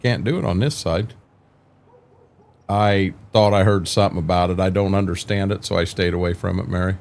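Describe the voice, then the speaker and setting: An older man with a lowish voice hosts a laid-back game stream. He talks casually with his viewers, wanders from thought to thought, trips over his own starts and throws in the odd mild curse. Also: steady tone, brisk, vocal fry, a little mellow. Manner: rambling, frequent restarts, mild cursing. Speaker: livestream host. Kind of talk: casual chat while streaming a farming game.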